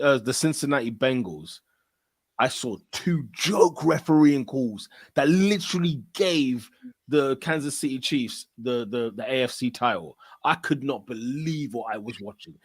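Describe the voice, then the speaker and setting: A man co-hosting a casual football podcast, talking in an excitable, emphatic way and calling everyone "bro.". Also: mid-range voice, a little slow, no room sound, clean studio sound. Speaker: podcast co-host.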